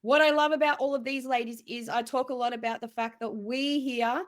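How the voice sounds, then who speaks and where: A woman hosts a video-call panel discussion with an upbeat, effusive manner. Her voice is fairly high. She keeps the conversation moving warmly. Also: steady tone, brisk. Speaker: host.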